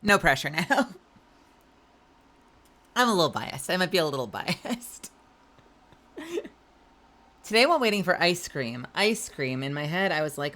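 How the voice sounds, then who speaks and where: Giggly thirty-something woman streaming, swears a lot, low but bright voice. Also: sing-song, unhurried, pauses often. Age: 30s. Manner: giggly, playful, swearing freely. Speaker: livestreamer. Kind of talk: casual live-stream chat.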